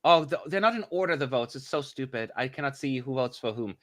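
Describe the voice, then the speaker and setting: A man co-hosting a live watch-along stream, chatting excitably and grumbling aloud as he tracks what is on screen. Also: medium pitch, fairly quick, dry recording, studio quality. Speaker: livestream co-host.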